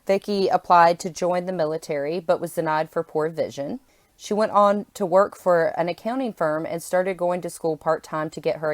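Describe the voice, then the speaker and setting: A woman's voice: on the low side, no echo. A woman co-hosting a true crime podcast, chatting casually and then reading case background steadily. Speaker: podcast co-host and storyteller.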